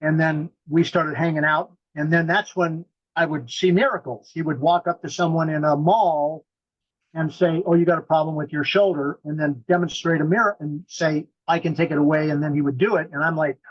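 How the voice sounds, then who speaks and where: A man's voice: a little high, steady tone, moderate pace, highs cut off. A man telling his story bluntly and animatedly in an interview, acting out the quotes. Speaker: guest, mystic.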